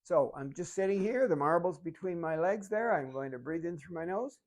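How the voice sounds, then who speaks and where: With a mid-range voice and a brisk delivery, a fitness instructor walks through the exercises calmly, step by step, showing each move.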